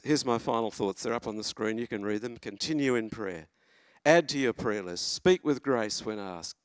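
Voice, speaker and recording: A man, preaching a sermon from a church lectern in an earnest, encouraging way, pausing and restarting as he goes. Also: medium pitch, expressive, clean tone, no room sound, studio quality. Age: 70s.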